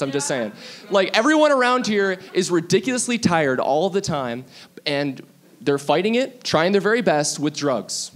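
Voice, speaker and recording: Young guy doing stand-up in a bar, high voice, rambles and goes low for jokes. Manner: rambling, self-deprecating, drops to mock-low voice for asides. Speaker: stand-up comedian. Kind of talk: stand-up comedy set. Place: bar stage with audience.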